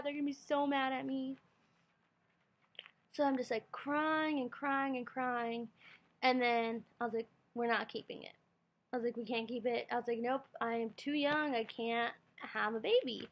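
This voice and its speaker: A woman's voice: fairly high pitch, steady tone, moderate pace, muffled recording. A young woman telling a rambling storytime vlog into her computer's built-in mic, full of fillers and quoted self-talk. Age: young adult. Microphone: computer webcam mic.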